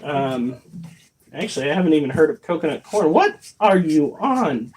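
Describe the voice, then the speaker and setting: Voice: medium pitch, very animated, moderate pace, a little mellow, a little hiss or hum. A livestreamer chatting casually while reading chat, swearing a lot and sounding incredulous. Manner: profane, incredulous, rambling.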